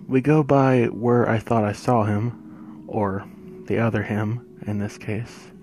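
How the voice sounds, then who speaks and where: Low-voiced man narrating a creepy tale. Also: steady tone, slight background noise. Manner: hushed, suspenseful, with drawn-out pauses. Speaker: horror story narrator. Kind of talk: spooky first-person story narration.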